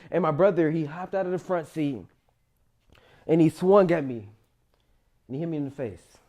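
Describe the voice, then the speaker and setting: A man's voice: a little high, moderate pace. Young man telling his life story. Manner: emotional, rises loud then drops quiet. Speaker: motivational storyteller. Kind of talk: personal life story monologue.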